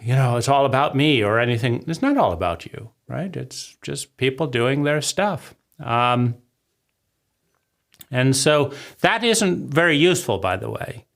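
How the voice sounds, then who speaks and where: A man in his forties talks through a reflective monologue in a loose, rambling way and keeps checking in with "right?". His voice has a gravelly, fry-heavy edge and sits at an ordinary middle pitch. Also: sing-song, a little slow, a bit bright. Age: 40s. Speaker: vlogger.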